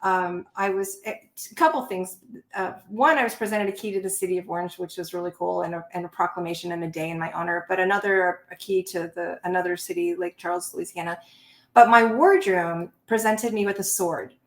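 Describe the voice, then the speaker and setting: A middle-aged woman, a Navy veteran, telling stories in an interview in an animated way and laughing between them. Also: fairly low pitch, a little fast. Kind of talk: conversational interview storytelling. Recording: roomy echo.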